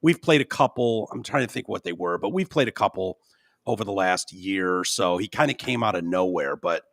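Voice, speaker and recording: A man hosting a podcast in casual chat, halting with fillers and frequent throat-clearing. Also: deep voice, expressive, a bit bright, dry recording, studio quality. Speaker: podcast host.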